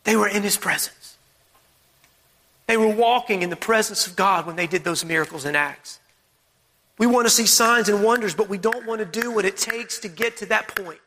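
A man's voice: sits high, normal speed, bright, forceful tone, big-room sound. A man preaching a sermon, emphatic and repetitive, who fires off strings of rhetorical questions.

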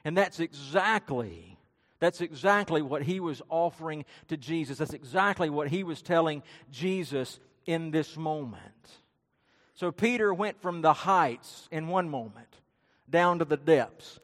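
High-voiced preacher in an echoing hall. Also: male voice, lively intonation, measured pace. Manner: dramatic storytelling, acting out quotes with rising and falling intensity. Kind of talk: sermon. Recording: long hall reverb.

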